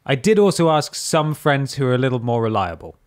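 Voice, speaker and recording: A man hosting a comedy podcast, rattling along quickly in joking banter. His pitch sits in an ordinary middle range. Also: very animated. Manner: fast, jokey banter. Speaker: podcast co-host. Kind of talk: casual comedy podcast chat. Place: shared room with co-hosts.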